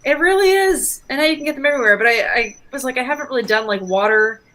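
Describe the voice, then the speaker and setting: Bright-voiced woman with a lively pitch. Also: fast. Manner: laughs often, easygoing. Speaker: guest cartoonist. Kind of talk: casual chat.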